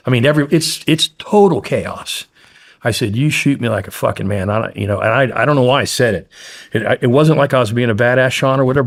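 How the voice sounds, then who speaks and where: A man guest in an interview, blunt and profane, intensely retelling a frightening story. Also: mid-range voice.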